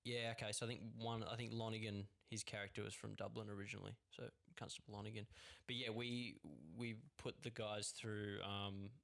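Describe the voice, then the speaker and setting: A young Australian filmmaker chatting on a podcast in an easygoing, agreeable way. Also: male voice, lowish voice, little pitch movement, fairly quick, creaky, hardly any pauses, fairly bright tone. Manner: easygoing, agreeable, lots of yeps. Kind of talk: casual podcast chat.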